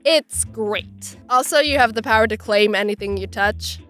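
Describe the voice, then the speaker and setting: A woman with a stuffy, nasal voice from a cold, narrating her animated video with sarcastic, self-mocking humor. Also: mid-range voice, moderate pace, faint music behind. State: sick with a stuffy nose. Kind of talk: scripted comedic narration.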